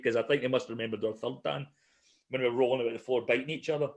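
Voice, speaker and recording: A man's voice: mid-range voice, rapid-fire, gravelly. Laughing storytelling man on a podcast. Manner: animated storyteller, laughs through his anecdotes. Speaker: podcast co-host. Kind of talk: casual podcast chat.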